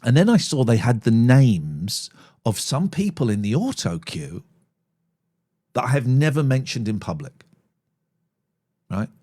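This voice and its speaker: Blunt, sweary phone-in host. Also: male voice, medium pitch, big pitch swings, a little slow, pauses often. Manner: blunt and sweary, flares into loud angry rants. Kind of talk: live-streamed phone-in talk.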